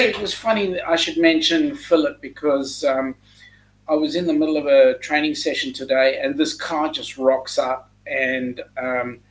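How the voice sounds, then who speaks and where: A man's voice: mid-range voice, poor audio. An Australian man hosting a casual live stream, greeting viewers by name and chatting loosely, with lots of ums. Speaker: host of a live chat stream.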